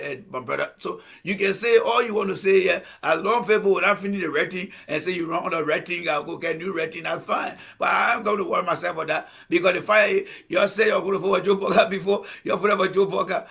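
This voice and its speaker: A man's voice: high voice, fast, gravelly, hardly any pauses, pushed and bright, breathy edge. A Liberian man hosting a live political commentary stream, combative and repeating pointed rhetorical questions. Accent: Liberian English.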